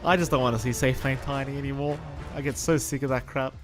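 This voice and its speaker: A man's voice: mid-range voice, steady tone, quick pace, music in the background. A man commentating a live esports match in a laid-back, teasing way, joking around with his co-caster.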